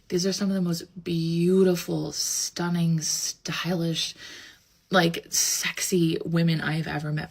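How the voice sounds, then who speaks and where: A woman's voice: lowish voice, level tone, unhurried, creaky, a little mellow, husky. A woman speaking earnestly and admiringly to camera.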